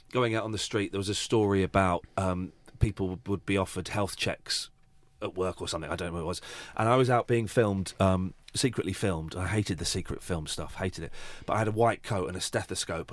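A man's voice: on the low side, dry recording. A man, a radio host, talking as a guest in a casual chat with wry, incredulous remarks. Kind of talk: casual conversation.

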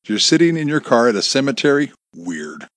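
A man's voice: medium pitch, very animated, brisk, a bit bright, no room sound, clean studio sound, voice pushed up. A man voicing a menacing, sarcastic male kidnapper who taunts his victim over the phone, in a storybook reading. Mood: taunting. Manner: taunting, mocking, cruel.

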